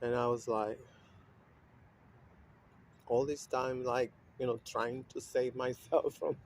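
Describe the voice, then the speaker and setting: A man speaking in a loose, rambling monologue with a steady stream of fillers and swearing. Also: medium pitch, slow pace, long pauses, slight background noise. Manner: rambling, profane, with frequent fillers and laughs. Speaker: vlogger. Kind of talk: casual monologue.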